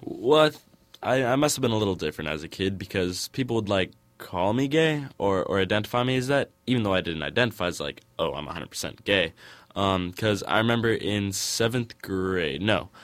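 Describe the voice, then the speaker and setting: A man's voice: low voice, lively intonation, brisk, a bit bright, no echo. A young man telling a personal story in an interview, hesitant and full of restarts.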